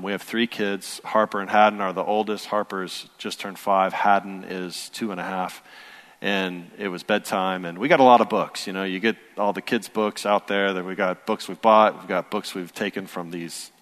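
A man's voice: fairly low pitch, fairly bright tone. A man in his thirties, a pastor preaching a sermon in a conversational, storytelling way that builds to earnest emphasis. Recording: long hall reverb.

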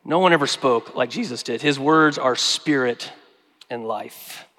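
A man preaching a sermon, earnest, slowing down and growing quiet when he quotes scripture. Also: medium pitch. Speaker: pastor. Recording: long hall reverb.

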